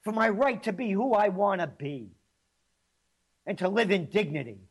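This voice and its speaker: Ranting New commentator, high lively voice, slow, mocking delivery. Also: male voice, breathy edge. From New York. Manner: combative, sarcastic, mocking. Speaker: commentator and host. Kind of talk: ranting political monologue.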